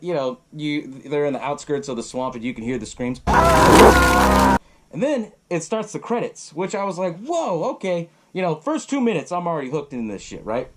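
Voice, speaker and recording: A male podcast host gives a casual recap of a horror film, loose and profane, laughing often as he goes. His pitch jumps around a lot while he narrates, and his voice is a little mellow.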